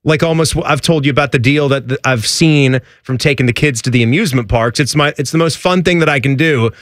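A man's voice: mid-range voice, a little fast, a bit bright, no echo, studio quality. A man co-hosting a casual sports talk show, chatty and teasing as he corrects how names are said. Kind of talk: casual chat.

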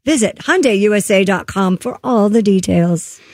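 A man on a radio show reading a live advertisement in an upbeat, pitching way. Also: lively intonation, normal speed, a little mellow, dry recording, clean studio sound.

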